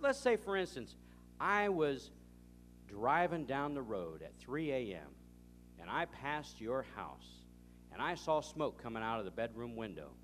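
A male preacher in the middle of a sermon, acting out a conversation with lively swings of pitch and loudness. He shifts between storytelling and scripture reading. A faint hum sits under the recording. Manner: animated storytelling, acting out both sides of a dialogue. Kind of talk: sermon with anecdotes.

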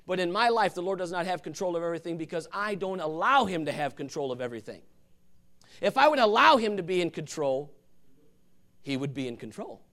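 A man preaching with fervor, his fairly high voice leaping and dropping across a wide range. He pushes hard on some phrases and lets others fall to a near hush, talking straight to his congregation. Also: sing-song, brisk. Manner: impassioned, swinging from loud calls to hushed asides. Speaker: pastor. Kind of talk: sermon.

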